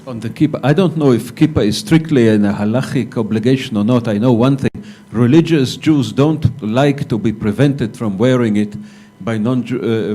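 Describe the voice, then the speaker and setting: A male academic panelist answering a conference question in a measured, argumentative way, with hesitant restarts. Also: mid-range voice, warm tone. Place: lecture hall.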